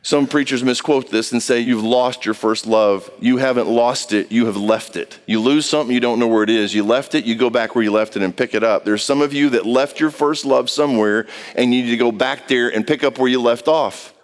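A man preaching a sermon in an impassioned, pleading way, swinging between high and low. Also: fairly even intonation, a little fast.

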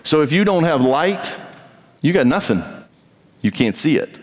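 A man's voice: fairly high pitch, very animated, a little slow. Preaching man in a reverberant hall. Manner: emphatic preaching, voicing imagined speakers. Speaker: pastor. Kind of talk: sermon. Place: large church sanctuary.

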